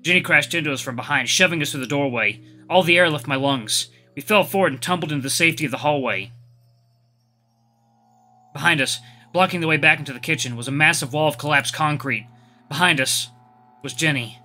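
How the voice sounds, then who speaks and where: A man's voice: a little high, fairly quick, bright, forceful tone, faint music behind. A man hosting a let's play, chatting upbeat to viewers and reading a visual novel's narration aloud. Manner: chatty, upbeat, reacts with curses.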